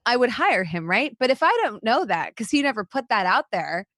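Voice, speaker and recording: A woman's voice: fairly high pitch, very animated, a little fast, a bit bright, dry recording, clean studio sound. A woman co-hosting a podcast in casual chat, speaking bluntly, swearing freely and acting out little scenes. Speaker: podcast co-host.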